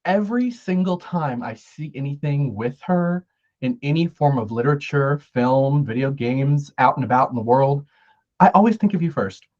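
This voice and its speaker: A man's voice: mid-range voice, expressive, moderate pace, darkish tone, highs cut off. Giggly, effusive male podcast host. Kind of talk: casual interview chat.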